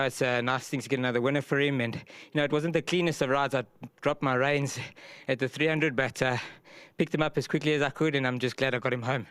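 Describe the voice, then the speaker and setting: Quick-talking South African jockey. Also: male voice, mid-range voice, fairly bright tone, clear, resonant tone, dry recording. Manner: quick, modest, with many fillers. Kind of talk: post-race interview.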